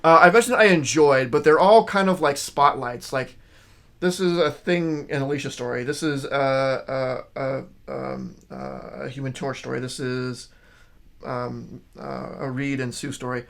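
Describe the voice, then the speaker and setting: A man's voice: mid-range voice, unhurried, creaky, fairly bright tone. A man casually reviewing a stack of new comic books, rambling and enthusiastic, with lots of fillers and restarts. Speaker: comic shop video host.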